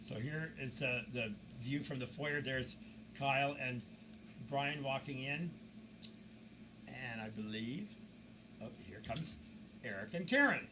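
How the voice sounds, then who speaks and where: A man narrating security camera footage as a video commentator, telling the story in a lively way with mocking asides. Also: mid-range voice, takes it slowly, pauses often, noisy background.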